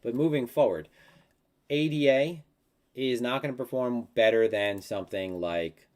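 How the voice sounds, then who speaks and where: A man's voice: medium pitch, unhurried, a little mellow. A man in his thirties talking casually through market charts on a live stream, rambling a little and acting out mock quotes. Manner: rambling and conversational, with many fillers and mock quotes. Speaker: crypto market analyst.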